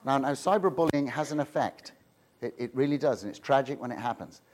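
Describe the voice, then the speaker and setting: A man preaching a sermon in a lively, conversational way, often repeating himself and laughing as he talks. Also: medium pitch, fairly quick. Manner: animated, conversational preaching with frequent repetitions and laughs. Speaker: pastor.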